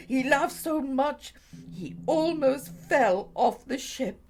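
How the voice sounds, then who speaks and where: A woman narrating a children's story gently, often dropping to a hushed whisper. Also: sits high, expressive, takes it slowly. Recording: faint music behind.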